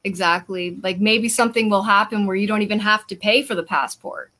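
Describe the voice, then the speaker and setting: A woman hosting a casual spiritual chat, with a voice of middling pitch. She speaks in an encouraging, affirming way, reassuring her guest. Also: brisk, bright, forceful tone. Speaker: host.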